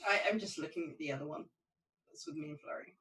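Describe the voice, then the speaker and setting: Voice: mid-range voice, fast talker, bright, forceful tone, poor audio. A player in a tabletop game, talking in a playful, wry way. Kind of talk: casual chat in a tabletop game.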